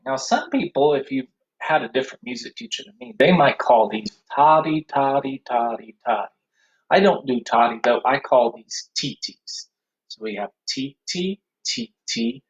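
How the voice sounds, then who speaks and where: A man's voice: mid-range voice, a bit bright, dull audio. A man teaching an online music class for young children, with sing-song call-and-response. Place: home room, recording to a computer.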